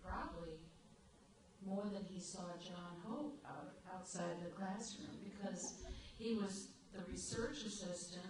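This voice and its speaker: A woman on a library panel recalling a friend, speaking in an unhurried way with pauses. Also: lowish voice. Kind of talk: reminiscing on a panel. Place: library event room. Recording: echoey hall from far off with noise.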